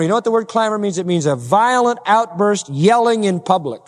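A male pastor preaching a sermon, full of rhetorical questions and building to forceful, emphatic climaxes. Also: sits high, expressive, a little fast, hardly any pauses. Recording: long hall reverb.

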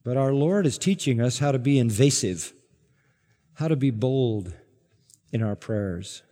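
A man preaching an expository sermon to a congregation, emphatic and climbing to forceful peaks on key words. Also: medium pitch, unhurried. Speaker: pastor. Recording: long hall reverb.

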